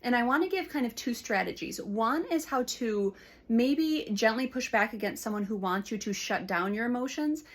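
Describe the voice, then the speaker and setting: A woman counselor talks casually to camera, giving advice through personal stories with fillers and restarts. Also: mid-range voice. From United States. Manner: warm storytelling with frequent fillers and restarts. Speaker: licensed counselor.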